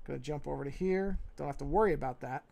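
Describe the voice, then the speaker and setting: Gravelly New York man thinking aloud. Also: on the high side, quick pace. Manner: talks to himself, muttering and repeating phrases; relaxed, self-correcting. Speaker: livestreaming artist. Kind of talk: casual think-aloud commentary while drawing.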